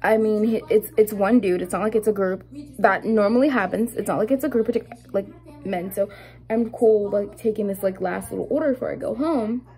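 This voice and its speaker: A young adult woman vlogger telling a story in a casual, animated and indignant way while doing her makeup at home, with lots of fillers. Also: medium pitch, brisk, rough recording.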